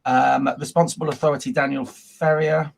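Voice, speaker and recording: A man's voice: a little high, flat delivery, normal speed, creaky, a little hiss or hum. A man chairing a formal council meeting over a video call, working through procedure with frequent ums and uhs.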